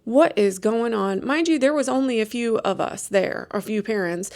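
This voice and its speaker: A woman in her late thirties, hosting a podcast and telling stories in a chatty, animated, self-deprecating way. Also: on the high side, moderate pace. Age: late 30s. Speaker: podcast host. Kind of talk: casual storytelling chat.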